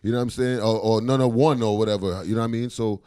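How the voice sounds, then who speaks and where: A man with a Caribbean accent, a comedian chatting in an interview, animated and full of "you know what I'm saying.". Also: on the low side, fast, smooth, no room sound, clean studio sound. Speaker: comedian interviewed about his characters. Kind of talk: casual interview chat.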